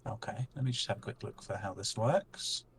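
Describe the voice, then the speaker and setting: A man acting as game master, calmly calling turns and checking the rules aloud. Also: fairly low pitch, normal speed, a little hiss or hum. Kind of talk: running a tabletop game.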